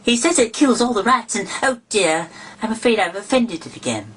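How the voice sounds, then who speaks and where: Guy putting on a high eager little girl voice, polite and chatty, storybook read. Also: lively intonation, moderate pace, a bit bright, husky, heavily acted, poor audio. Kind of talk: storybook reading.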